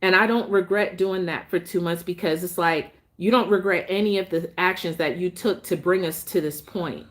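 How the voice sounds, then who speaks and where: A woman's voice: fairly low pitch, normal speed, hardly any pauses. A woman telling her story as a parent in a casual vlog, frustrated and emphatic, with many restarts.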